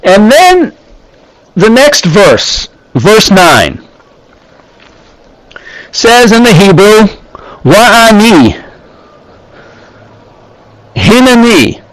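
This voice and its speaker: Slow, high-voiced man teaching scripture. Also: very animated, fairly bright tone, no room sound, rough recording. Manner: deliberate, pausing often, reads Hebrew phrases and explains them. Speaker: Bible teacher.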